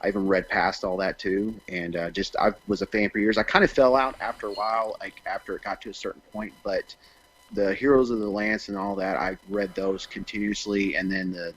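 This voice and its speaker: A man's voice: low-pitched, fairly even intonation, brisk, fairly bright tone, low-quality recording. A man who is an actor, chatting as a guest on a podcast in a rambling, gushing way. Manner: rambling, gushing, many fillers. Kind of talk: casual interview chat.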